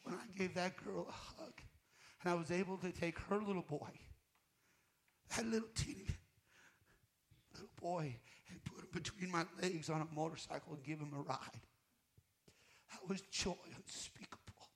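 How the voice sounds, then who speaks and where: A man preaching a heartfelt sermon in a high, gravelly voice. He tells his own testimony, rising into loud fervent bursts and sinking to hushed, almost whispered moments. The delivery is raw and personal, with plain everyday phrasing. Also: moderate pace. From United States. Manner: emotional testimony, voice rising to loud fervor and dropping to near-whisper. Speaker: guest minister.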